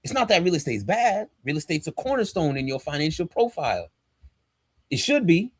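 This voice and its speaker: Fired-up preaching man, lively pitch. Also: brisk, husky, no room sound. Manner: emphatic and fired up, slangy and direct. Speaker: pastor and podcast co-host. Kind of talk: casual podcast talk with preachy motivation.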